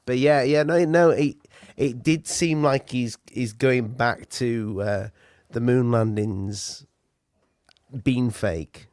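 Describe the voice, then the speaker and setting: A man hosting a podcast in casual chat, halting and full of fillers. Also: mid-range voice, darkish tone, no room sound, studio quality. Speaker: podcast host.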